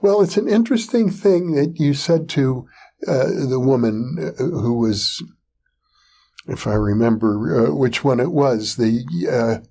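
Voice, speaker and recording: A man's voice: medium pitch, animated, measured pace, dark tone, slightly rough. A man hosting a conversational interview, speaking hesitantly with fillers. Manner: hesitant, searching with many uh fillers. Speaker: interview host.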